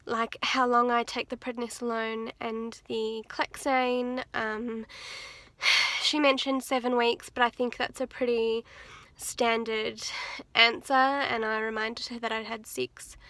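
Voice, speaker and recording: A young woman vlogger chats casually to her camera as she moves between her car and the street outdoors, with music playing behind her. Her voice is a little high, pushed and bright, slow and level in tone, with no room sound.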